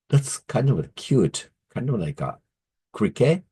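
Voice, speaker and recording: A man giving a language lesson, speaking slowly and carefully, repeating words, correcting himself and chuckling now and then. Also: medium pitch, warm tone, breathy edge. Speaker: teacher.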